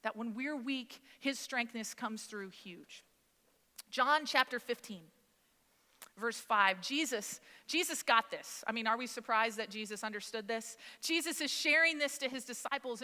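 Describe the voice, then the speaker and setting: A woman in her thirties, a mother of three, preaching a sermon in a casual, conversational way, full of lively asides. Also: high-pitched. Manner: conversational, animated storytelling. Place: church sanctuary. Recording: long hall reverb.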